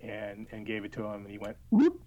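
A man's voice: lowish voice, monotone, quick pace, dull audio. A man on a podcast, telling an anecdote in casual chat with hesitant restarts. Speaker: podcast co-host.

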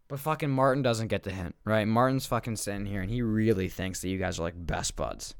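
Young man, lower pitch, profane rambling rant. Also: brisk, gravelly, few pauses, clean tone, no room sound, studio quality. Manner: profane, rambling, restarts often. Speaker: podcast host. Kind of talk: comedic rant.

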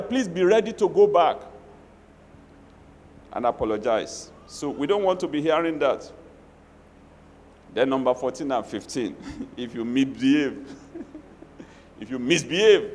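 Nigerian pastor preaching in a reverberant hall. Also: male voice, fairly high pitch, unhurried, pauses often. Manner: animated preaching with Yoruba asides and acted quotes. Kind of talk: sermon.

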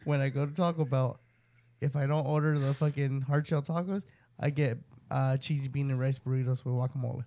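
A young man in casual chat, swearing and laughing, playing along with deadpan denials. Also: medium pitch, a little fast.

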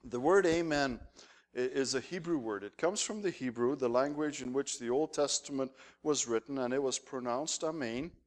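A man preaching a sermon as pastor, telling lively, humorous anecdotes. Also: mid-range voice, normal speed. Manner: animated anecdotal storytelling with humor.

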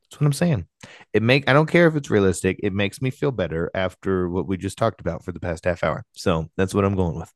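A man co-hosting a casual sports podcast, an excitable fan who blusters about his team. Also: deep voice, brisk, no echo, clean studio sound. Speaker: podcast co-host.

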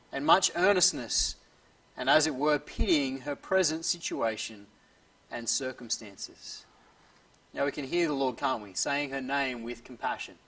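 A man preaching an earnest expository sermon, often dropping softly at the ends of phrases. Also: on the high side, gravelly, recorded from a distance, poor audio.

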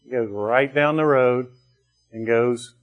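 A man's voice: mid-range voice, slow pace, dull audio, soft background music. A man preaching a sermon to his congregation in a conversational way, with restarts and bursts of rising emphasis. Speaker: pastor.

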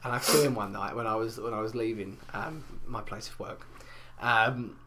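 A man's voice: on the low side, a little fast, fairly bright tone. A man, ranting and swearing in casual chat, often acting out other people's voices. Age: 20s.

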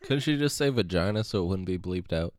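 A man co-hosting a podcast, cracking blunt, crude jokes in a deadpan way. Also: sits low, a little fast, slight background noise. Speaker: podcast co-host. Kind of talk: casual chat.

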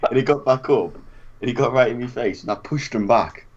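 A young man telling an animated anecdote in casual chat, acting out what people said and laughing often. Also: medium pitch, fairly quick. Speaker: storyteller. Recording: dull lo-fi recording.

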